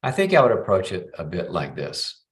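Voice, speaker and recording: Brief: middle-aged male advice host, lowish voice, chatty, role-plays both partners. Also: wildly swooping pitch, moderate pace. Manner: warm coaching, acts out both sides of a talk. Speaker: psychologist host. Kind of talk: live call-in advice show.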